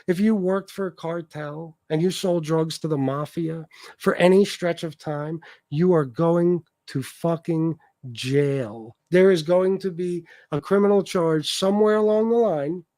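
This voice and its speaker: Heated male livestream host, high voice, swearing rant, dry mic. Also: normal speed, darkish tone, dry recording. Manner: profane, heated, repetitive. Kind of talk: ranting livestream commentary.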